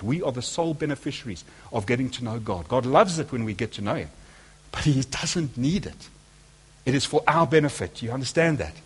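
A man's voice: mid-range voice, husky. A man preaching a sermon, speaking emphatically and asking his listeners rhetorical questions.

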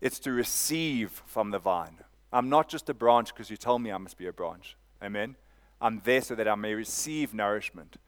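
A man's voice: lowish voice, moderate pace. A man preaching a sermon, repeating phrases and asking "Amen?" of the congregation. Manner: preaching with call-and-response "Amen?" and repetition. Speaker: pastor.

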